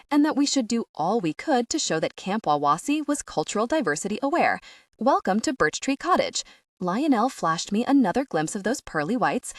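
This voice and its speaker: A woman's voice: medium pitch, no echo, studio quality. A woman reading a first-person audiobook in a wry, sarcastic teenage voice. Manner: wry, sarcastic teen voice with animated asides. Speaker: audiobook narrator.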